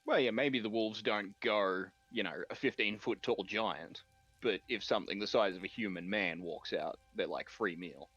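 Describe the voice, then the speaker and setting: A man's voice: fairly low pitch, normal speed, fairly bright tone, husky, dry recording, faint music behind. Easygoing Australian man on a dull mic. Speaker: player. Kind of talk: casual tabletop game chat.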